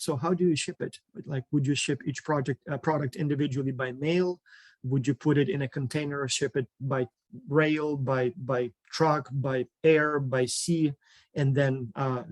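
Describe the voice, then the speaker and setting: In a dry recording, a man with a medium-pitched voice informally explains a student project program during an online session, going through items one at a time with many filler words.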